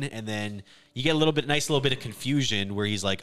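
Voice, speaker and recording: A man co-hosting a casual podcast, retelling a film plot in an animated way with quick quoted lines. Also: mid-range voice, clean tone. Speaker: podcast co-host. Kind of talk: casual movie recap chat.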